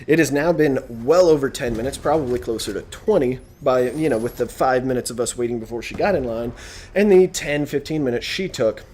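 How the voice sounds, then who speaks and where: A man's voice: medium pitch, fairly quick, darkish tone, slight background noise. A young man vlogging a casual, sarcastic, rambling rant about an annoying shopper. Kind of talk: casual ranting vlog.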